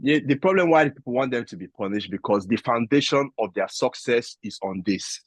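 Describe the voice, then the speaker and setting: A man's voice: mid-range voice, lively intonation, a little fast, no room sound. A man defending his club in a football debate, hesitant with many fillers. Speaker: guest pundit.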